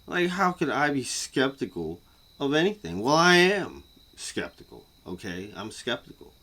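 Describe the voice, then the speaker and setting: Animated, bright-voiced male ranter. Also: mid-range voice, normal speed. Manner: profane, repetitive, swings from muttering to yelling. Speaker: vlogger. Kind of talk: casual rant to camera.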